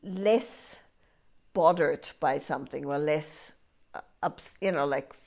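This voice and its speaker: Her voice sits low and gravelly, with a darkish tone, and she takes her time as she teaches a live workshop. Chatty in manner, she repeatedly asks "right?" and performs inner voices through quoted asides.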